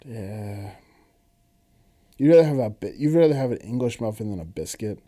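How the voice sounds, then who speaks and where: Rambling, laughing man with a mellow voice. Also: fairly low pitch, animated, moderate pace. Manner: rambling, laughs often, many restarts. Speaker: podcast co-host. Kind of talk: casual chat.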